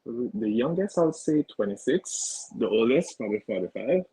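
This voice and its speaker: A man's voice: medium pitch, expressive, moderate pace, mellow, slightly rough, dry recording, low-quality recording. A man answering dating questions on a video call in brief, hesitant replies full of fillers. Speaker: guest single. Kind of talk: interview answers.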